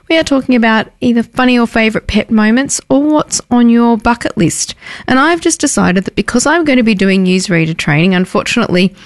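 A woman's voice: a little high, animated, a little fast, dry recording. A woman hosts daytime radio, chatting casually and poking fun at herself. Her throat is a little sore. The sound is dry and close, with no room around her. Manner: chatty, self-deprecating. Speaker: radio host. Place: radio station airlock.

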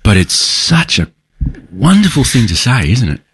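Lively-voiced chatty male host. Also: medium pitch, normal speed, slightly rough. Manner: chatty, playful, affirming. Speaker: podcast host. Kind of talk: conversational interview hosting.

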